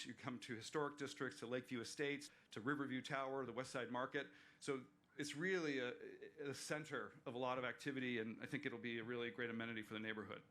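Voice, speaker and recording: Bright-voiced man presenting a park plan. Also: medium pitch, a little hiss or hum. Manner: earnest, explanatory, with fillers and restarts. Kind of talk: public meeting presentation. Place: waterfront venue, livestreamed meeting.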